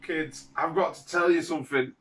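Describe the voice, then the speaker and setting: A man's voice: a little high, steady tone, a bit bright. A man playing a mournful leper outcast. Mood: sorrowful. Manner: mournful, sighing, slow and heartfelt. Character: man with leprosy, outcast, telling his healing. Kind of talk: dramatic monologue for children.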